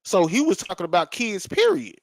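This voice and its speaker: A man's voice: high-pitched, wildly swooping pitch, a little fast, gravelly, no echo. A man co-hosting a casual talk show, blunt and profane, repeating points for emphasis. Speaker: podcast co-host.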